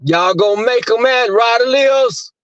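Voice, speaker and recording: A man imitating another man who excitedly eggs on a crowd with repeated chants. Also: very high voice, measured pace, clean tone, no echo, distant mic, pitched above the performer's own voice. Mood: egging on. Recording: dry muffled recording.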